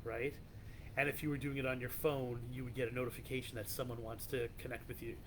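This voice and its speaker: A man's voice: medium pitch, little pitch movement, quick pace, noisy background. A man hosting a podcast, casually telling a creepy legend in a loose, rambling way with many restarts. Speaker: podcast host.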